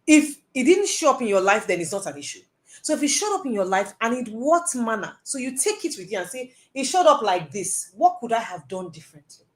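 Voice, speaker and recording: A woman giving a live talk, answering audience questions in an earnest, emphatic way and repeating phrases for stress. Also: on the high side. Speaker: personal development speaker.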